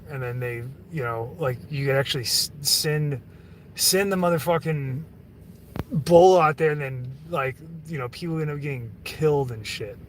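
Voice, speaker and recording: A man's voice: on the high side, a bit bright, recorded from a distance, a little hiss or hum. A man talking to his chat on a livestream, rambling and profane, full of fillers and restarts. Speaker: livestream host reading chat. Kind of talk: casual livestream rant.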